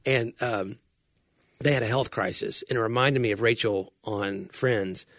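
A man's voice: on the low side, measured pace, fairly bright tone, no room sound, studio quality. A man co-hosting a podcast, telling rambling stories in casual chat and acting out quotes. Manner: rambling storyteller, acts out quotes. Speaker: podcast co-host.

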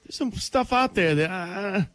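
Rambling man with a slightly high voice. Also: animated, unhurried, a bit bright, no room sound, faint music behind. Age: 30s. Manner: rambling, laughs often. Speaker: co-host. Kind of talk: casual comedic chat.

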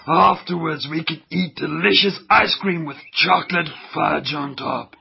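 A man voicing a sly male germ villain who flatters and gloats, in a children's radio drama, with a slightly dull lo-fi sound. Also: fairly high pitch, a little slow, gravelly, slight background noise. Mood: coaxing. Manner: scheming, cackling, wheedling flattery.

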